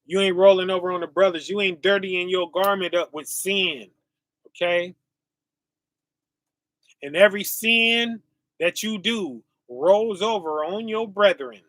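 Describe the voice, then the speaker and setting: High, bright-voiced preacher man. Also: dry recording. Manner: call-and-response asides, often asking "right?"; reads verses slowly and drawn out. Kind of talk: preaching from scripture.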